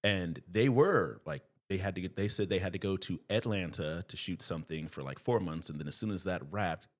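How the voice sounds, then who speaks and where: A man with a very low, deep voice tells stories on a podcast in an easygoing, animated way. He laughs often as he talks about his life as a performer. He sounds like a young adult guest in casual chat. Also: a little fast.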